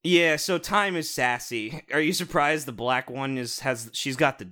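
Sarcastic young man ranting, bright voice. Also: medium pitch, measured pace, slight background noise. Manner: sarcastic, swearing, animated. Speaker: podcast co-host reviewing cartoons. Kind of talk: casual comedic rant.

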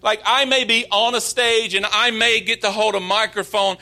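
A man's voice: high voice, steady tone, vocal fry, sharp tone, soft background music. A man in his late thirties preaching a sermon as pastor, speaking earnestly and openly about his own struggles. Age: 30s. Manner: earnest, confessional, slow and emphatic.

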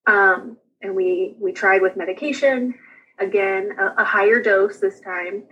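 A young woman, a guest on an interview show, chatting casually and quickly about her own experiences, often laughing as she tells them. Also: mid-range voice, sharp tone, husky, muffled recording. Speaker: guest sharing her birth story. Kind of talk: casual personal storytelling.

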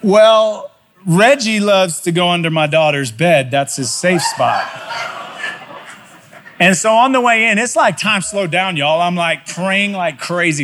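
A middle-aged man, a pastor, telling a self-mocking story in a sermon with animated, lively delivery. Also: high-pitched, moderate pace.

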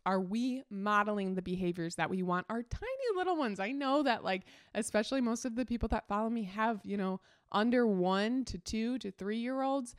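Smooth-voiced young mom podcaster. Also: female voice, mid-range voice, dry recording, studio quality. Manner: chatty, many fillers and quick laughs. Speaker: podcast host and mother. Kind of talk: casual solo podcast chat.

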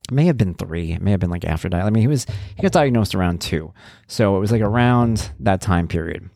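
Low, gravelly man in casual monologue. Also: lively intonation, fast talker, dark tone, dry recording, studio quality. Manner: rambling and conversational with wry, blunt humor. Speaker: parent blogger talking about his son.

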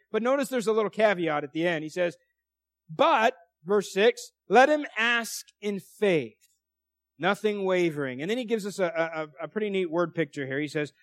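High-voiced preacher, dry and close. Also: male voice, no echo. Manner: conversational preaching with frequent restarts and asides. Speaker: pastor. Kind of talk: sermon.

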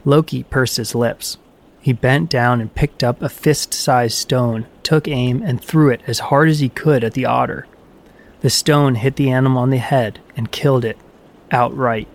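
Man, audiobook myth narration, measured, even, steady storytelling. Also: mid-range voice.

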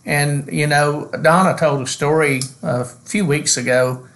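A man co-hosts a ministry podcast, teaching with earnest, preacherly conviction. He slows down to stress key words, and his voice sits a little high for a man. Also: steady tone, a bit bright. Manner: earnest, preacherly, drawn-out emphasis. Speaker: pastor and podcast co-host.

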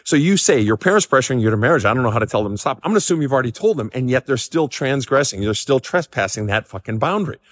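A man's voice: medium pitch, rapid-fire, few pauses, no echo, clean studio sound, in a large hall. A middle-aged man, a counselor, answering listener questions outdoors in the cold in a blunt, emphatic way, swearing freely and bouncing on his feet. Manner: jumping up and down from cold and excitement. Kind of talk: casual advice talk.

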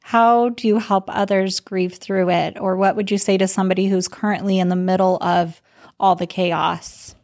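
A woman of middle pitch hosting an interview. She asks her questions in a supportive, searching way, pausing on fillers as she finds the words. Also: little pitch movement. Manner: warm, hesitant questioning with fillers. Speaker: host.

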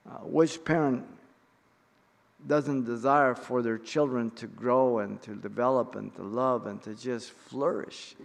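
Bible teacher in a reverberant hall. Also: male voice, mid-range voice, steady tone, vocal fry. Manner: measured, emphatic teaching with pauses and fillers.

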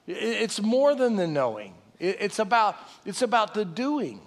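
A middle-aged man giving a sermon as pastor. He preaches in a conversational way and tells stories that break into laughs and loud bursts. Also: sits high, very animated, normal speed, few pauses. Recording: long reverb of a large hall.

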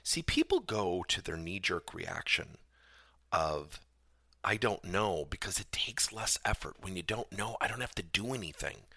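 A man's voice: low voice, sing-song, a little slow, creaky, pushed and bright, breathy edge, no room sound, clean studio sound. A middle-aged man, a business coach, tells the story of a coaching session and acts out both sides of the dialogue.

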